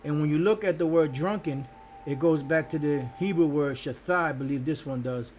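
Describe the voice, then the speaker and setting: A man's voice: fairly high pitch, normal speed, a little mellow. Man giving a casual, profane bible teaching. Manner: casual, profane asides, fillers and restarts; looks up words while talking. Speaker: street preacher.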